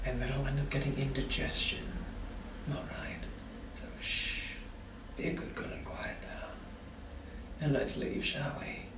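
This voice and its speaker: Man as a menacing 1800s British gentleman, British accent, whispered role-play: silky, possessive, softly threatening. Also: mid-range voice, lightly acted, poor audio. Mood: coolly menacing, then hushed. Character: menacing genteel 1800s British gentleman, male, sometimes vampire.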